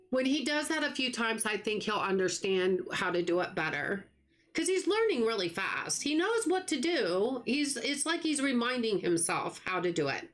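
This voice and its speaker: A middle-aged woman from the United States talks straight to her live-stream viewers in a casual, earnest way. Her voice sits a little high, and she often breaks off and restarts a thought. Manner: earnest, talks fast when excited, trails off and restarts. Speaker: livestream gaming host.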